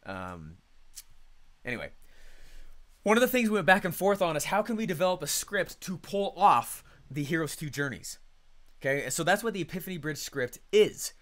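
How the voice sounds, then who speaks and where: A man's voice: a little high, big pitch swings, moderate pace, a bit bright. A man leading a live online coaching call, talking energetically and conversationally and reacting to chat comments.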